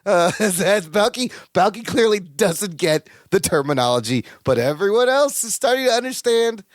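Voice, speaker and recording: A man with a fairly high voice tells a sitcom plot in a casual, playful way, acting out bits as he goes. The sound is dry and close to the mic. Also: moderate pace, no room sound. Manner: playful, animated storytelling. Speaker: podcast co-host. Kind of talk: casual episode recap.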